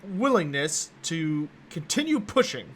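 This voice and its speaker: A man voicing a courteous, soft-spoken gentleman scholar in a tabletop game, speaking formally and a little hesitantly. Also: a little high, big pitch swings, unhurried, a little hiss or hum. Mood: genial. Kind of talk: tabletop game role-play.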